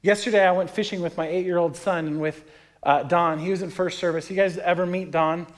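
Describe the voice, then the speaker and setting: Man, 30s, pastor, casual sermon, light high voice, chatty storytelling. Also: brisk. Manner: conversational, animated storytelling with quoted voices.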